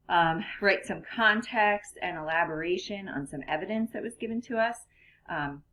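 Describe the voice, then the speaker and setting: Chatty woman teacher, lowish voice. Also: fairly bright tone. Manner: chatty, many ums, self-correcting. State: out of breath. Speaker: classroom teacher. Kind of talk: recorded lesson for students.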